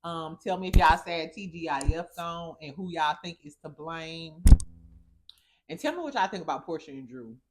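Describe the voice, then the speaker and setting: Young woman vlog host, sassy gossip commentary, salty language, quick to laugh. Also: low-pitched, animated, slight background noise. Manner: sassy, profane, laughs often.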